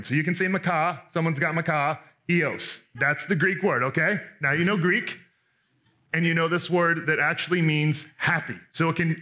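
A man preaching a sermon in an animated, conversational way, restarting often and acting out the people he quotes. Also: fairly high pitch. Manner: acts out quoted speakers in voices. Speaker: pastor.

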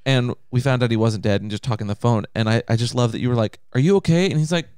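Podcast guy joking around, smooth clear voice, dry close mic. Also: mid-range voice, quick pace, darkish tone, no echo. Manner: teasing, joking. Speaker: podcast co-host. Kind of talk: casual chat.

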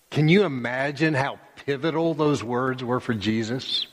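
A man preaching a sermon as pastor, slow and emphatic, pausing often and repeating phrases. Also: medium pitch. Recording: long reverb of a church hall.

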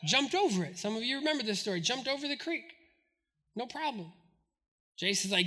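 A male pastor in his forties delivers a lively sermon in a strikingly high, bright, forceful voice. His pitch leaps around as he tells stories and acts out the voices of the people in them. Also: a little fast. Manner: animated storytelling, acts out quoted voices.

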